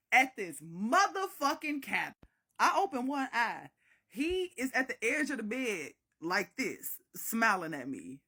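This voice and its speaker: A woman from the Chicago area telling a dramatic story in a casual storytime vlog, animated and swearing freely. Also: mid-range voice, husky. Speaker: storyteller vlogger.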